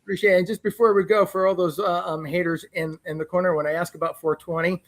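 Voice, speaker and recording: A man from New Jersey with a fairly high-pitched voice. He speaks earnestly and directly as a dating show contestant in casual chat. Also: steady tone, fast talker. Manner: earnest, speaks his mind.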